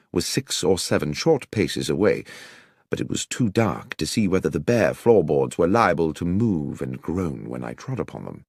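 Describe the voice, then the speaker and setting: A man narrating an audiobook story with a deep, husky voice and a lively, swinging melody. His telling is dramatic and expressive, close to the mic in a dry studio. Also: no echo. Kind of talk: scripted first-person story narration.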